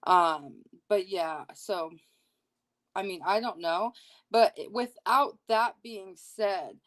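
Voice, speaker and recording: A woman's voice: medium pitch, takes it slowly, fairly bright tone. A woman chatting hesitantly with many fillers as a panelist on a video call. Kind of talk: casual chat.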